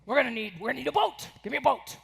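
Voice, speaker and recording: A woman voicing a pushy, insistent middle-aged father who demands quick fixes, in an echoing hall. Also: very high-pitched, expressive, gravelly, a bit bright, husky, full character voice. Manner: insistent, bossy. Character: pushy middle-aged male hotel manager dad.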